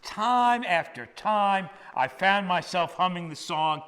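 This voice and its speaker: An older man, a priest who was once a hospital chaplain, preaching a measured, emphatic sermon that drops to a hush on key words, in a church. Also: fairly high pitch, lively intonation, smooth. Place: church sanctuary. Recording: long church reverb.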